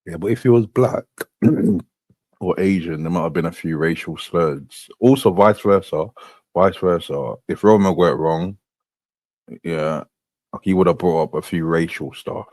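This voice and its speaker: A man with a very low voice talks over replayed clips in an unhurried, drawling way, with loose slang. The sound is close and dry. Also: a little mellow, no room sound. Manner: slow, drawling recap with casual slang. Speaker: host.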